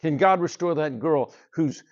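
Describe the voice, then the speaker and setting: Emphatic preacher, lo-fi sound. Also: male voice, on the high side, unhurried. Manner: emphatic, repetitive preaching with rhetorical questions. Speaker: pastor. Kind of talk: sermon. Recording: dull lo-fi church recording.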